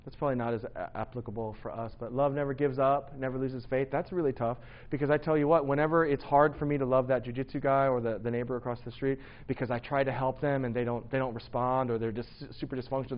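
A pastor with a medium-pitched voice delivers a sermon in a church hall, speaking to his congregation in a casual, self-deprecating way. The audio sounds dull.

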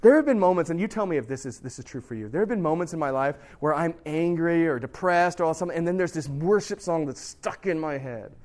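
A man teaching a youth group about Scripture in a casual, animated way, often putting questions to his listeners. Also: a little high, fast, hardly any pauses. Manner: animated, acts out quoted voices; conversational, asks the listeners questions.

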